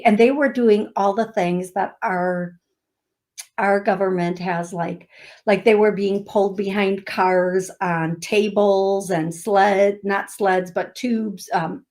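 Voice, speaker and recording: Slow, chatty woman radio host. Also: medium pitch, a little mellow. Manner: chatty, laughing storyteller. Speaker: psychic medium radio host. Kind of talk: casual chat. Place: radio studio.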